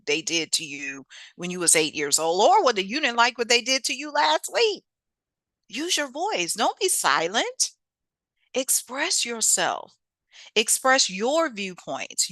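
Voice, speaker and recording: A woman hosting a motivational self-help talk, lively and preachy, with casual speech. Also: mid-range voice, no room sound. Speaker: host.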